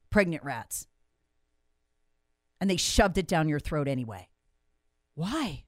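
A woman host with a low voice, recorded at studio quality with no echo, delivers an impassioned monologue. She's angry and emphatic, firing off rhetorical questions.

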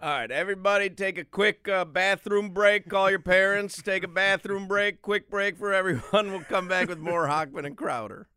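A man hosting a sports radio show, talking fast and jokily and breaking into laughter. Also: high-pitched, bright, forceful tone, clean tone, no echo, clean studio sound. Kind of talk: casual radio banter. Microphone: studio microphone.

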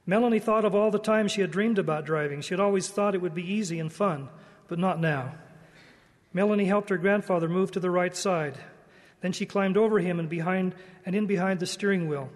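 A man giving a devotional church talk in a slow, earnest, measured way. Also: sits high, in a large hall. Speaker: church speaker.

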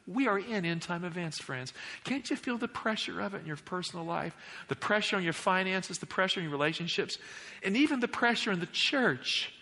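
A male pastor delivering an emphatic sermon in a church, swinging between loud declarations and hushed asides. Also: fairly high pitch, big-room sound. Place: church sanctuary.

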